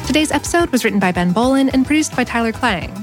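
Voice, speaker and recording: A woman hosting a podcast, reading a scripted intro and credits in a brisk, friendly manner. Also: fairly high pitch, animated, over music. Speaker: podcast host.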